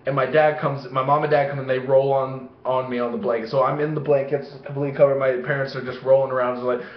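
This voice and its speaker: A man's voice: medium pitch, quick pace. Swearing young man telling stories, echoey. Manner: heavy swearing, animated acting-out of voices. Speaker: vlogger. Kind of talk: rambling personal storytelling. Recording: echoey room, dull lo-fi sound.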